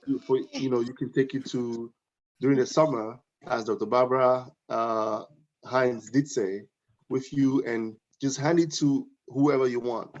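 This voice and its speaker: A man giving an earnest, informal speech at a book launch, with halting restarts and repeated phrases. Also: mid-range voice, fairly even intonation, darkish tone. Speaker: guest speaker praising a novel. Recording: dull lo-fi audio.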